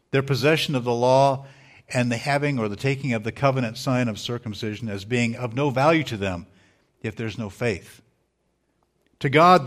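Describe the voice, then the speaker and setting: A man, a pastor, preaching a sermon in a measured, earnest way, with small restarts as he speaks. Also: medium pitch.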